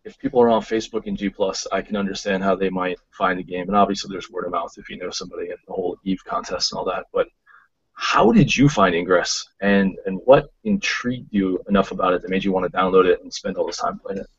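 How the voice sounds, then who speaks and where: A man co-hosting an online interview, who asks casual, quick questions. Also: sits low, husky, dry recording. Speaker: co-host. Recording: dull dry online call audio.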